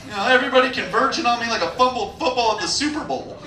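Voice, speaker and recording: A man's voice: very high voice, very fast, pushed and bright, recorded from a distance, faint music behind. A young man doing a stand-up set, telling a crude, rambling story full of fillers. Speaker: stand-up comedian. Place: comedy club stage. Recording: echoey room recorded from afar, noisy.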